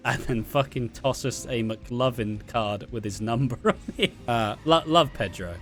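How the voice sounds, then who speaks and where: A man's voice: mid-range voice, unhurried, hardly any pauses, fairly bright tone, faint music behind. Sweary young Welsh man telling stories. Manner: sweary, laughing, rambling anecdotes. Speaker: vlogger. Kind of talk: casual storytelling.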